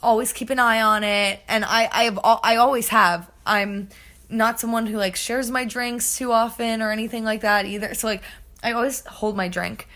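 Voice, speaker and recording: A young woman with a slightly high voice tells a story in a loose, chatty podcast style. Her talk is full of "like", and she acts out the people she quotes. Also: steady tone, moderate pace, a bit bright. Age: young adult. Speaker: podcast host. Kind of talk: casual storytelling.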